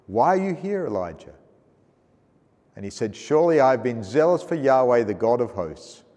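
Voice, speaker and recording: Male pastor, Australian accent, chatty sermon, lively pitch, reverberant church hall. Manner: conversational, asks the congregation questions; chuckles while reading scripture aloud. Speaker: preacher.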